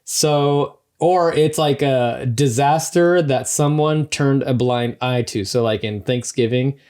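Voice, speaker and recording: A man's voice: mid-range voice, takes it slowly, darkish tone, clean tone. A man co-hosting a horror podcast in casual chat, who laughs often and speaks with dry sarcasm. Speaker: podcast co-host.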